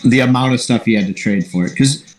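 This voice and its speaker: A man joins a podcast as a guest and talks in a thoughtful, earnest way. His voice sits at an ordinary pitch and carries a noticeable roomy echo. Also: fairly quick, crowd noise. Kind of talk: casual podcast chat.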